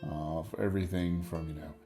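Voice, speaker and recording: A man in his forties hosting a casual solo podcast, rambling in a wry, stream-of-consciousness way with a deep radio voice. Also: steady tone, moderate pace, vocal fry, dark tone, faint music behind. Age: 40s. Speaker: podcast host.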